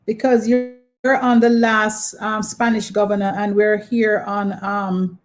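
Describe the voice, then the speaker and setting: A woman's voice: medium pitch, little pitch movement, a little slow. A woman hosting a live online trivia quiz, patiently repeating her questions and prompting viewers. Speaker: quiz host.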